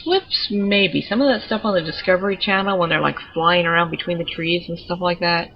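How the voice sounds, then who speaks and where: A woman's voice: fairly low pitch, fairly quick, dull audio, slight background noise. A woman giving chatty, digressive commentary while showing off her pets in a video game. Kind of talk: casual gameplay commentary.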